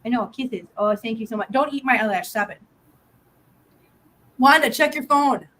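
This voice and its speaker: Woman host, casual live-stream chat, fairly high voice, laughs a lot, baby-talks her cats. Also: moderate pace, a bit bright.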